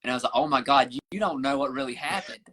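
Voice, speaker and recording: A man's voice: medium pitch, racing, fairly bright tone, breathy edge. A man with a Southern accent, a podcast guest telling long profane stories full of restarts and fillers. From rural Southern US. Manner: profane, rambling storyteller with many restarts. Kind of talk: casual podcast chat.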